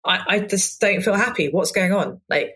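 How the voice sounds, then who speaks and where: A woman's voice: mid-range voice, animated, moderate pace, fairly bright tone, slightly rough. A woman in her forties, a cook, talking candidly in a podcast interview, rambling with restarts and acted-out quotes. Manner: open, rambling, with many restarts and quoted asides. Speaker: guest cook.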